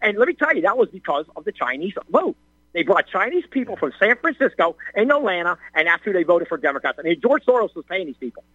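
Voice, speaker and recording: Excitable older man calling in, stammering. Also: sits high, quick pace, no echo, lo-fi sound. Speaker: caller. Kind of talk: ranting call-in talk.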